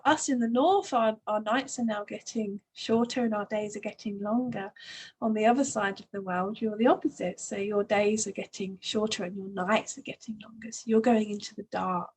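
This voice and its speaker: A woman hosting a spiritual astrology talk, speaking in a soft, flowing way with many "you know"s. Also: medium pitch, slightly rough, poor audio. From Northern Hemisphere. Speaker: astrology channel host. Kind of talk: spiritual monologue to camera.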